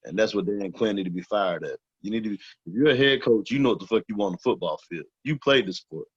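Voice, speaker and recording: A man's voice: on the low side, fast talker, slightly rough, no echo. A man on a casual sports talk show, speaking bluntly with lots of swearing. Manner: blunt, profane, heated. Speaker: co-host. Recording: dull, dry sound.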